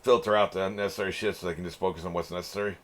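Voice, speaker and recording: A man hosting an anime reaction channel, thinking out loud in casual commentary, swearing freely and chuckling often. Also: deep voice, steady tone, rapid-fire.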